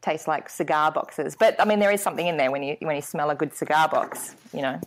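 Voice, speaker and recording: A woman's voice: sits low, a little fast, slight background noise. A woman, a guest actor chatting casually and self-deprecatingly, with many fillers. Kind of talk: casual chat.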